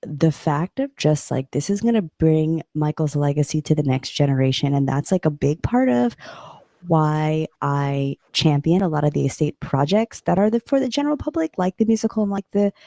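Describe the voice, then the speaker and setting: A co-host in a casual reaction chat, speaking softly and keeping the voice down. The tone is mellow and warm, recorded close and dry. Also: medium pitch, expressive, moderate pace, gravelly, no echo.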